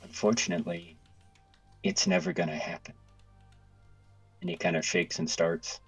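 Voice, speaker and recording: A man narrating as game master of a tabletop game, telling the scene in vivid, unhurried detail. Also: low-pitched, breathy edge, faint music behind, poor audio.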